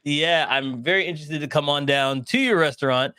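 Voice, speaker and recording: A man's voice: fairly high pitch, a little fast, bright, forceful tone, clean tone. A man hosting a casual interview over a video call, playful and fond of repeating a joke for effect. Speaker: show host.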